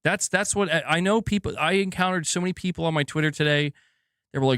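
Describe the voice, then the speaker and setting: A young man hosting a gaming news live stream, ranting in a heated, profane flow packed with filler words. His voice sits a bit high for a man. The sound is dry and close, with no room around it. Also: fairly even intonation, fast, a bit bright, clear, resonant tone, no echo. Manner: heated ranting, heavy swearing, many fillers. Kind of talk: live stream commentary, reading super chats.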